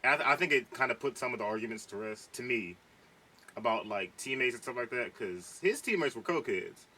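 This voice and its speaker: Young man, podcast co-host, casual chat, bright forward voice, slightly off-mic. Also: medium pitch, expressive, brisk, distant mic, a little hiss or hum, low-quality recording. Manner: talks at length, restarts sentences, argues a point.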